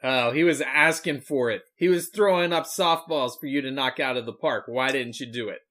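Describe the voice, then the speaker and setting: A man co-hosting a podcast, reacting with quick jokes and teasing encouragement. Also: medium pitch, a bit bright. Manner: supportive, joking listener who teases. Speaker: podcast co-host, preacher. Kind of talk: casual chat.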